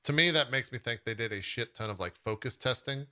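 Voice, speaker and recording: A man's voice: mid-range voice, brisk, sharp tone. A man hosting a podcast in loose, casual chat, full of fillers. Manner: loose and chatty, many "like" fillers. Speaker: podcast host.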